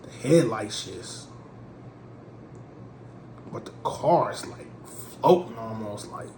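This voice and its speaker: A man from Portland telling a comic story in an animated, slangy way. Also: medium pitch, unhurried, pauses often, a little hiss or hum. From Portland, USA. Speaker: comedic storyteller. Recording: roomy with faint ambience.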